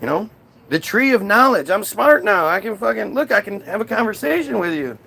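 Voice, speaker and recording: A man's voice: high-pitched, big pitch swings, fairly quick, gravelly, pushed and bright, slightly rough, pitched above the performer's own voice, heavily acted. A man voicing a crude, dim-witted first man who whines in slang. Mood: whiny.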